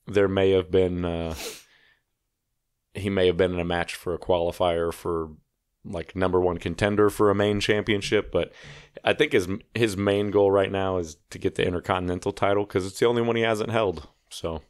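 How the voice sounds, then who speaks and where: A man's voice: deep voice, fairly even intonation, moderate pace, clear, resonant tone. A man co-hosting a podcast, explaining things in casual chat with wry asides and swearing. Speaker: podcast co-host.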